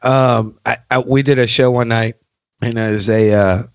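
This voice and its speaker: A man's voice: mid-range voice, fairly even intonation, a little slow, clear, resonant tone, dry recording. A man hosting a podcast, telling drumming stories with lots of swearing and acting out his old rants. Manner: profane, tells stories, acts out angry past rants. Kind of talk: casual podcast chat. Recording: dry, dull lo-fi sound.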